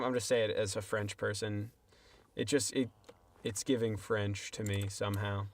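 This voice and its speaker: In this dry recording, a young man streaming a game chats and rambles to his viewers with self-deprecating humor. His voice is fairly low, with little pitch movement, at a normal speed.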